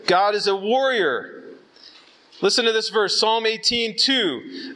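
A man's voice: sits high, animated, slow, pauses often, sharp tone, rough recording. A man from Southern California preaching at a youth conference in a casual, conversational way, slightly out of breath, checking in with his listeners. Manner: casual and conversational, with fillers and audience check-ins. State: out of breath from altitude. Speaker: conference speaker.

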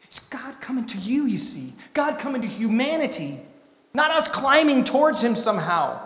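A man from Utah preaching a sermon, swinging between hushed, intimate lines and loud, emphatic ones. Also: extremely high pitch, big pitch swings, normal speed. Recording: echoey hall.

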